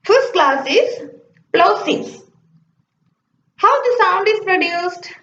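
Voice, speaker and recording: A woman's voice: very high voice, animated, slow, sharp tone. A woman gives a lecture over slides. She explains step by step and often checks in with "okay". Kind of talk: slide-based phonetics lecture. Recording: echoey, dull lo-fi room recording.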